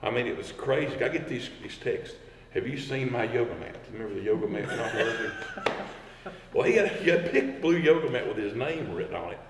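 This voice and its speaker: Man, firefighter, quick animated storyteller, echoey room, distant mic. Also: mid-range voice. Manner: animated, acts out quotes. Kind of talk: casual storytelling. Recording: roomy, distant mic with background hum.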